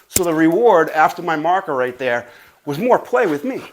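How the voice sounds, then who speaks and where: A man whose voice is a little high, with big pitch swings and a moderate pace, trains dogs in his home garage amid slight background noise. Out of breath from playing, he gives loose, somewhat profane instructions, peppering them with "right?"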